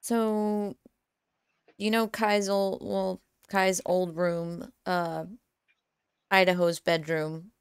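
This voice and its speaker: A woman's voice: fairly low pitch, flat delivery, very slow, long pauses, smooth, no room sound, studio quality. A woman playing her character in a tabletop role-playing game, easygoing and with hesitant fillers. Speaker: player.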